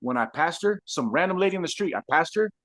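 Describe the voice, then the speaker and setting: A man from Southern California, a guest telling his life story in casual, animated speech, full of street slang and constant "bro.". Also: on the high side, quick pace, dry recording.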